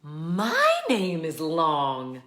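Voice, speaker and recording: A woman voicing a gentle, encouraging female schoolteacher in a storybook reading, soft, slow and reassuring. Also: low voice, wildly swooping pitch, heavy background noise, pitched below the performer's own voice, heavily acted. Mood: kind. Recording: echoey room.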